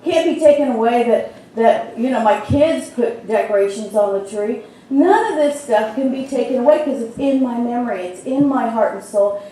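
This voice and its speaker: A middle-aged woman minister preaches in a chatty, storytelling way, her voice a little high and mellow. She is heard from a distance in a very echoey church hall with a faint hum behind her. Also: expressive, normal speed, few pauses. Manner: conversational, storytelling with frequent fillers. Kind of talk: sermon. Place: church sanctuary.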